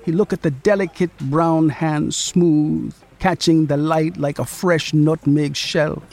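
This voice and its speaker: A narrator reading a literary story in a slow, rhythmic, lingering way. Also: mid-range voice, darkish tone.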